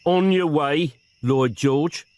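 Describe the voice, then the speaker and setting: A man's voice: on the high side, slow, a little mellow, pitched above the performer's own voice. A man voicing a lazy, irreverent male detective inspector with a sardonic, crude manner.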